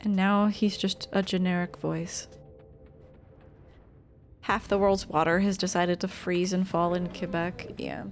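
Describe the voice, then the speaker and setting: A woman's voice: on the low side, flat delivery, unhurried, pauses often, faint music behind. A woman streamer chatting casually and candidly between game scenes. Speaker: streamer doing game voiceover. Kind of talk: casual chat.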